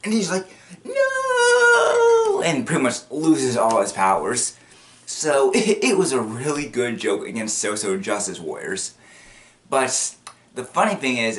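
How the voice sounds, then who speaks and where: Speaking at a medium pitch with a fairly bright tone, a man casually runs through a cartoon episode for a video, rambling and repeating himself, with frequent restarts and sudden acted-out quotes.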